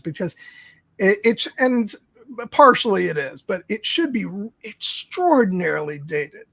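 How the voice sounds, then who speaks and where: Man, casual podcast co-host, high voice with gravel, dry close sound, rambling. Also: fairly bright tone, no room sound. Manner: rambling storyteller, many fillers. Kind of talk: casual film review chat.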